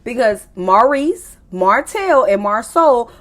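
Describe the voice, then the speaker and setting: A woman hosting a casual reality TV recap, talking in lively slang, laughing often and throwing in teasing, disbelieving asides. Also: fairly high pitch, slow pace. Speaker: recap show host.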